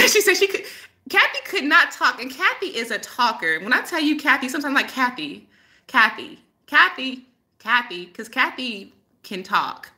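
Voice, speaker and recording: A woman's voice: high-pitched, very animated, normal speed, bright, forceful tone. A woman hosting a casual live-stream chat as a spiritual healer, rambling and laughing often as she tells stories.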